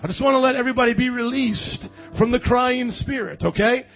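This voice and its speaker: A male preacher with a very high voice, wound up and charismatic. He swings between loud, excited bursts and low, musing asides. The recording is dull and lo-fi, with faint music playing behind him. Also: fairly quick. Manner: excitable, loud outbursts, then drops low to muse. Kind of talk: charismatic sermon.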